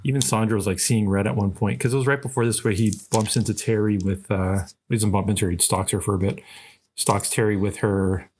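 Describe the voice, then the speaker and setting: Male co-host, lowish voice, easygoing commentary. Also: steady tone, a little fast, darkish tone, a little hiss or hum. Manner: laid-back, adds remarks with "like" and "right?". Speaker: podcast co-host. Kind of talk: casual film discussion.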